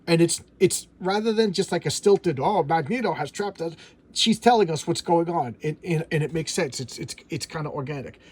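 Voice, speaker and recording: A man's voice: fairly high pitch, brisk, few pauses, husky. A middle-aged man chatting casually about an old comic as he pages through it, eager and gushing, often stammering and repeating words. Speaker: comic book reviewer. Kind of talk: casual chat while flipping through a comic.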